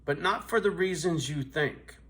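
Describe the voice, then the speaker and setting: A man's voice: a little high, normal speed, fairly bright tone. A man in his fifties telling a blunt, profane, streetwise story in a vlog, asking "right?" again and again. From US West Coast. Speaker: vlogger.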